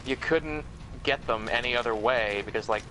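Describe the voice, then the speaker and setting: A man's voice: mid-range voice, moderate pace, pushed and bright, slight background noise, rough recording. A man co-playing on a stream, rambling casually about a past game. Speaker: co-player. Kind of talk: casual gaming chat.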